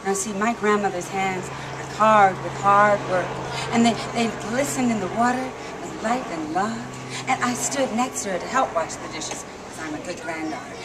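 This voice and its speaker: A woman telling a story live to an audience, lively and coaxing the crowd to call back. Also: medium pitch. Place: outdoor theme park stage. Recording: noisy live outdoor recording.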